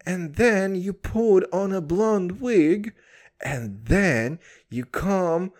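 Speaking very slowly in a high-pitched voice, a young man from Kazakhstan launches into a heated, casual rant about something that happened. He swears nonstop, calls everyone dude, and stays animated while laughing at his own story.

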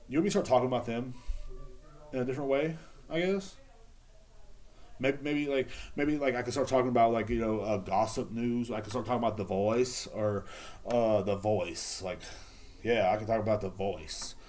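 A man's voice: mid-range voice, moderate pace, darkish tone. A man, hosting a podcast in a casual, profane, rambling monologue. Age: 30s. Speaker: podcast host.

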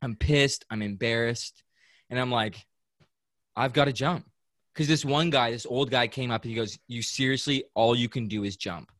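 A young man hosts a casual podcast chat, spinning a story with energy and putting on voices for the people he quotes. He fills his talk with "like" and quick laughs. The sound is dry and close. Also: mid-range voice, dry recording. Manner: animated storyteller, acts out quotes, many "like"s and laughs. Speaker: podcast host.

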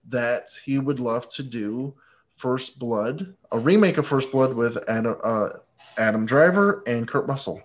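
A man co-hosting a casual movie podcast, rambling and joking, swearing freely. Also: medium pitch. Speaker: podcast co-host.

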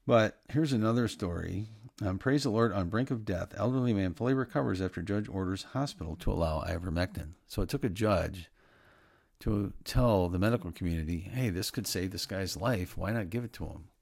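Low, gravelly middle-aged man preaching. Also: darkish tone, dry recording, studio quality. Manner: earnest and preachy, halting with restarts. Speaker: Christian commentator. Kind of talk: casual religious commentary.

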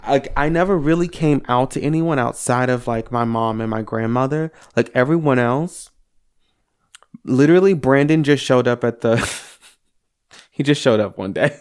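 A young man co-hosting a podcast, telling personal stories in an animated, casual way with some swearing. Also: mid-range voice, moderate pace, clean tone. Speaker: podcast co-host. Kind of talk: casual chat.

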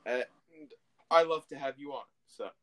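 A man's voice: medium pitch, moderate pace. A young man hosting a casual chat, teasing his guest and joking about himself. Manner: joking, self-deprecating. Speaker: host.

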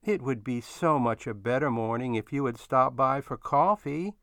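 A man's voice: medium pitch, normal speed, fairly bright tone, dry recording, clean studio sound, lightly acted. A man voicing a flirtatious middle-aged woman neighbor with a cooing, syrupy manner.

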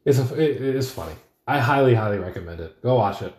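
A man's voice: mid-range voice, animated, fast talker, a little mellow. A young man hosting a casual solo podcast, rambling, swearing freely and correcting himself mid-sentence from a room at home. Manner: rambling, profane, self-correcting. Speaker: podcast host. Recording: roomy echoey room.

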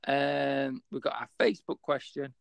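A man's voice: mid-range voice, fairly even intonation, normal speed, creaky, clean tone, dry recording. A man with a Yorkshire accent co-hosting a casual podcast, rambling and hesitant with many fillers. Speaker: podcast co-host.

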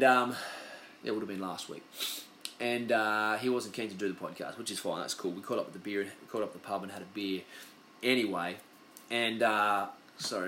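A Western Australian man hosts his podcast in a fairly low, fairly bright voice, with slight background noise. He rambles casually, swearing and telling stories in a loose monologue.

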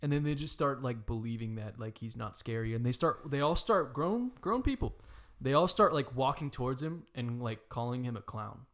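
A man in his twenties telling a friend about a movie in casual chat, animated, swearing, full of "like" fillers. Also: mid-range voice, moderate pace. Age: 20s.

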